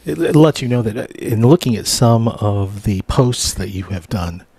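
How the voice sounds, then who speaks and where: Husky, low-voiced male interview host. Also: expressive, warm tone, dry recording. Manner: halting, searching for words. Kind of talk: casual interview questions.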